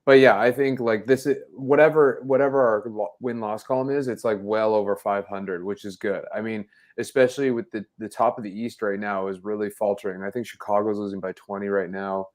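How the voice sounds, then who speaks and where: A man's voice: fairly low pitch, fairly even intonation, a little fast, few pauses. Rambling enthusiastic male sports co-host. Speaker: podcast co-host. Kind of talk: casual sports talk show.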